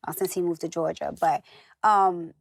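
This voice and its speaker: A woman's voice: on the low side, fairly even intonation, normal speed, creaky, dry recording. A woman from the northern United States, a guest in a casual interview, chatting and acting out the voices of the people in her stories. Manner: chatty storyteller who acts out quoted voices.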